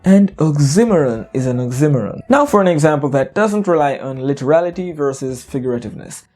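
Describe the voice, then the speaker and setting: Lively, mellow-voiced English teacher narrating. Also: medium pitch, fairly quick, soft background music. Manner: playful, explains with jokes and wordplay. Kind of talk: educational narration.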